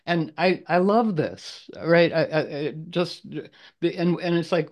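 A man leading a casual group video call, rambling with many restarts and frequent throat clearing. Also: fairly high pitch, normal speed, a little mellow. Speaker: group leader.

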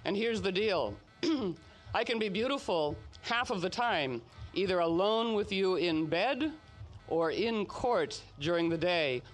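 Storybook role: a man doing a bold enchanted noblewoman, deliberate and high-voiced. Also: lively intonation, faint music behind. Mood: solemn. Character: enchanted noblewoman, hag turned beauty, bold.

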